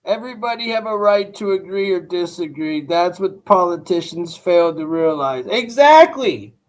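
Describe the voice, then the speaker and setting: A man's voice: high-pitched, animated, moderate pace. A man hosting a live stream, talking casually and bluntly to his chat in rambling, profane rants. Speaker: livestream host reacting to news.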